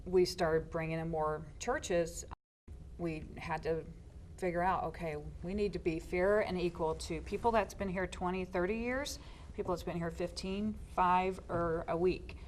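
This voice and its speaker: Lowish woman explaining station scheduling, steady. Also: unhurried, a little hiss or hum, rough recording. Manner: steady, affirming, many "mm-hmm"s. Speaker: station staff guest. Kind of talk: interview answers.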